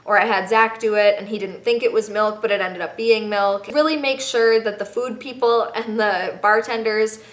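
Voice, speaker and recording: A woman's voice: mid-range voice, steady tone, moderate pace, hardly any pauses, roomy sound. A young woman in her twenties giving travel tips in a chatty, playful vlog with emphatic asides. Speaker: vlogger.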